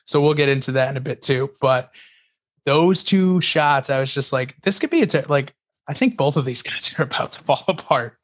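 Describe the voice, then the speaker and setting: A medium-pitched man co-hosts a casual podcast, speaking at a moderate pace. He tells stories with animation, laughing often and using plenty of fillers.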